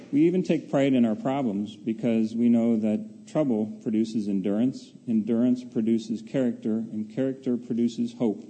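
A man reading a scripture passage aloud in a measured, formal way. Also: mid-range voice, mellow, breathy edge, rough recording. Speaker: scripture reader.

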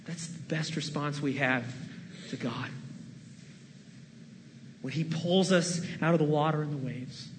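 A man preaching a sermon as pastor to his church, dramatic, moving between loud pleading and hushed, near-whispered lines. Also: fairly high pitch, measured pace, pauses often, long reverb tail, noisy background. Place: church sanctuary.

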